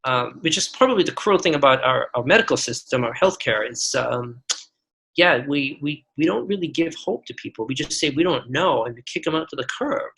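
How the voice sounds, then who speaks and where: Earnest, bright-voiced man in his forties. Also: medium pitch, lively intonation, brisk, vocal fry, poor audio. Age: 40s. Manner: earnest, storytelling with many restarts. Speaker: guest physician. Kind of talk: podcast interview.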